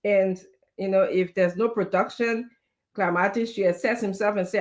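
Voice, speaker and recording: Lady weighing in on politics, steady mid voice, asks sharp questions. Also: medium pitch, normal speed. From Liberia. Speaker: guest commentator. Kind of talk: political commentary.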